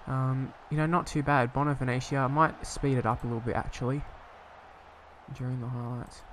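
Casual gamer, young man, mid-pitch voice, rambling play-by-play with sweary outbursts, faint hiss behind. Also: flat delivery, a little fast, a bit bright. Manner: rambling, hesitant, bursts into swearing frustration. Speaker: gaming YouTuber. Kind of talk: casual game commentary.

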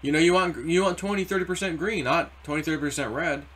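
A man's voice: a little high, fast, husky. A man talking through crypto charts in a casual, rambling vlog, often acting out what others said. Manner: rambling, animated, acts out quotes. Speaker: crypto YouTuber. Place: car or home desk.

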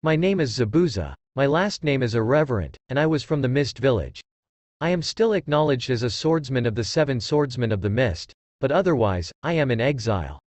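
A man reading aloud and voicing an exiled adult swordsman who speaks in a cold, measured way. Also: medium pitch, expressive, a little mellow, dry recording, close to an everyday voice. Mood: chilly.

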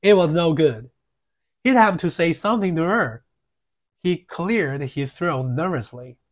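Brief: male audiobook narrator, slightly high voice, slow measured reading. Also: lively intonation.

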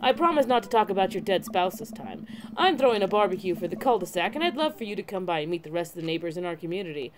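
Lady reading out a smiley smooth neighbor dude from a game, chipper and friendly. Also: lowish voice, big pitch swings, fast, a crowd in the background. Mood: cheery. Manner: cheery, neighborly. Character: friendly grinning male neighbor, a smooth charmer.

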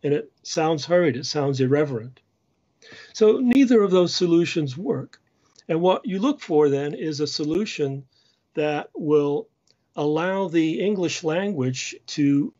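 Man, lecturing, measured explanations, sings chant phrases, fairly high voice, muffled lo-fi sound. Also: lively intonation, dark tone. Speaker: church music lecturer. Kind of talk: lecture with sung examples.

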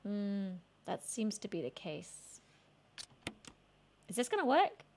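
A woman's voice: medium pitch, sing-song, slow pace, noisy background. A woman streaming a horror game, chatting to viewers, swearing and screaming at scares. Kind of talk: gaming stream commentary.

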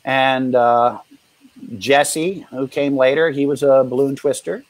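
A man's voice: mid-range voice, steady tone, no room sound, rough recording. Man, street performer, easygoing storyteller full of restarts and quoted dialogue. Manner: rambling, halting anecdotes with quoted dialogue. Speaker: guest, street performer and juggler. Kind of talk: casual interview storytelling.

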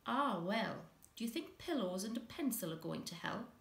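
A woman's voice: medium pitch, lively intonation, moderate pace, creaky. A woman voicing an amused, easygoing father, in an echoey room.

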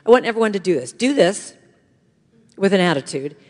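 A woman speaking as guest speaker at a church, giving an inspirational talk with lively storytelling and call-and-response. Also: medium pitch, a little fast. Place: church sanctuary. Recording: long hall reverb.

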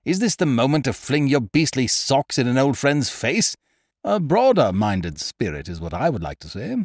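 A man playing a loud, swaggering young fight manager from a storybook. His talk is hearty and boastful, full of grand schemes. His pitch swings widely, and the recording is close and dry. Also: sing-song, moderate pace, dry recording. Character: exuberant, blustering young male boxing manager.

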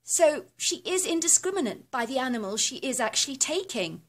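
A woman's voice: high-pitched, sing-song, fairly quick, a bit bright, pitched above the performer's own voice, full character voice. A woman voicing a young girl in a spoken horror story, explaining earnestly. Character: young girl, worried neighbour.

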